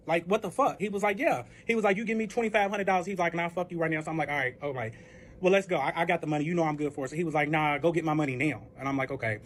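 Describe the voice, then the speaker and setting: A young man telling a personal story in a casual vlog, animated and profane, acting out both sides of the conversation. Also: a little high, quick pace, a little hiss or hum.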